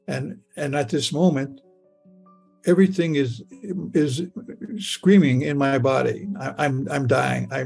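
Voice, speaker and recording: An older man recounts a personal experience in the present tense. He stammers and repeats words. His voice is gravelly and husky, and faint music plays softly underneath. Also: medium pitch. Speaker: near-death experience storyteller.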